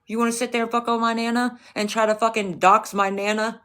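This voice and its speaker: A woman's voice: fairly high pitch, flat delivery, a little fast, a bit bright. A woman livestreaming, ranting at a rival and her chat in a profane, confrontational way, with mocking, scornful asides.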